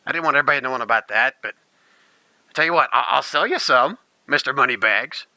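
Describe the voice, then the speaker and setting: A man's voice: medium pitch, fast, bright, forceful tone, dry recording. A man voicing a crafty male engineer who sells his private stash. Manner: wheeling and dealing.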